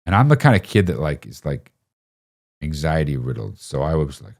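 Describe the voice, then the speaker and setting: A man's voice: a bass voice, very animated, normal speed, creaky. A man hosting a live stream, telling a rambling, profane childhood story to his chat, laughing often and mocking himself.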